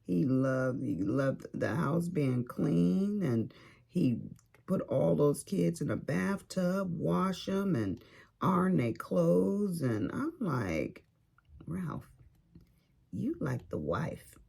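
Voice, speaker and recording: A woman's voice: deep voice, animated, takes it slowly, creaky, mellow, breathy edge. An older woman from California chatting casually as she works on a craft, telling family stories in a loose, informal way. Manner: chatty storyteller, informal grammar. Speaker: crafting vlogger. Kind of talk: casual chat while crafting.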